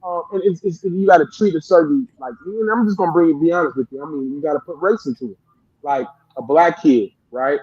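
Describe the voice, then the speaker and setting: A man in his late thirties talks in a raised, high voice, restarting his sentences and piling on examples. The sound is a little dull and lo-fi, like a modest home setup. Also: brisk, slightly rough, no echo. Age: 30s. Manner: rambling and animated, many restarts. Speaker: youth football coach, guest. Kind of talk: casual interview chat.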